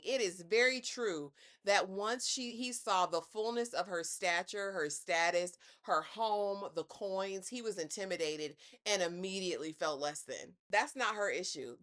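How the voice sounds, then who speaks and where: A woman's voice: medium pitch, normal speed, hardly any pauses, a bit bright. A woman recapping a reality show in casual commentary, sassy and dramatic, roasting with pointed rhetorical jabs.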